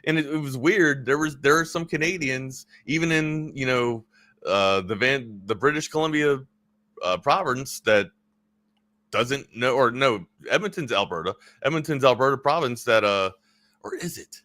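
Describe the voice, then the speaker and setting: A man's voice: mid-range voice, pushed and bright, no echo, studio quality. A man co-hosting a sports talk show, chatting casually and rambling, often correcting himself mid-thought. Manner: rambling, self-correcting, quick asides.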